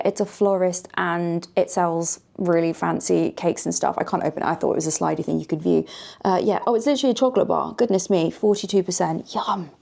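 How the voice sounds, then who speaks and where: A young English woman chatting playfully through a hotel room tour vlog, dropping into quiet murmured asides. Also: medium pitch, creaky. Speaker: vlogger.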